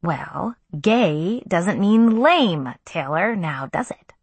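A woman's voice: fairly low pitch, animated, slow pace, creaky, breathy edge, dry recording, exaggerated voice. A woman reading the part of an easygoing teenage boy with a sarcastic edge in an audiobook.

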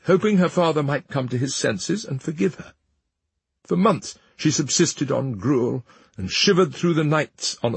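A man narrating a fairy tale with an expressive, dramatic reading. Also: medium pitch, slightly rough, dry recording. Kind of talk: storybook narration.

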